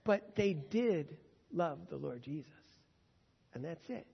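A man preaching a sermon in an earnest way, swinging between loud emphasis and hushed tones. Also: a little high, expressive, slow pace, vocal fry, slightly rough. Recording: dull sound with long hall reverb.

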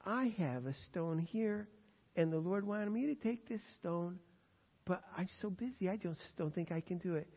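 Wheedling village guy begging a favor, a preacher putting him on, high voice, echoey muffled hall. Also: expressive, normal speed. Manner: wheedling, pleading. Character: busy male villager asking a favor. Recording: dull echoey hall recording.

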